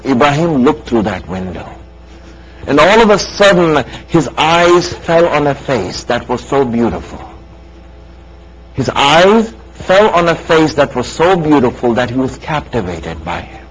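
A man's voice: mid-range voice, big pitch swings, measured pace, husky, low-quality recording. A man preaching a sermon, telling a story with emphatic repetition and questions to his listeners. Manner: emphatic, repeats key lines, asks listeners questions.

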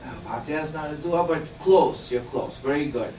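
A man's voice: a little high, a little fast, a little mellow. A man giving a religious lesson to a live group, explaining patiently and quizzing his listeners with questions. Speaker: religious teacher. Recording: echoey room, distant mic.

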